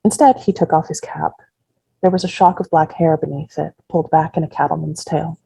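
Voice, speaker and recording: An author reading her first-person novel aloud in a measured, unhurried way. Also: low-pitched, fairly even intonation, vocal fry, warm tone, husky, no room sound, poor audio.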